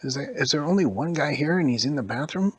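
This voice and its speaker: A man telling a made-up spooky story to a child, switching into high squeaky voices for characters and dropping to a whisper at scary moments. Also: expressive, fast, husky, no echo. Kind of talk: improvised bedtime-style story for a child.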